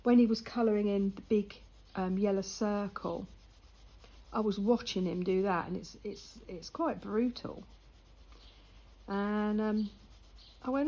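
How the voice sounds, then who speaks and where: A woman's voice: medium pitch, steady tone, a little slow, pauses often, dark tone, rough recording. An older woman, chatting casually and laughing as she tells a story while colouring.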